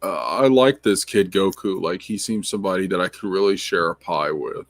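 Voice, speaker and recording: Man doing a male online commentator, breezy, rambling, slightly low. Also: brisk. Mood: chummy. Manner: breezy, self-introducing, rambling. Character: impression of a male YouTube commentator.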